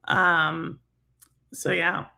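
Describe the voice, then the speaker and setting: Gravelly-voiced Texan woman host. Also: on the low side, little pitch movement, very slow, bright, forceful tone. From Houston, Texas. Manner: rambling, filler-heavy, laughs often. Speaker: livestream host. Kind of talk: casual gaming talk stream.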